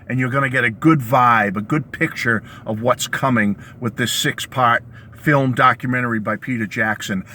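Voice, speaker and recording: A man hosting his own video channel, with a hoarse, worn-out voice, ranting excitedly about a new release and calling his viewers "folks" again and again. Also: mid-range voice. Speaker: YouTube host reviewing music releases. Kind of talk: enthusiastic vlog rant. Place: home basement studio.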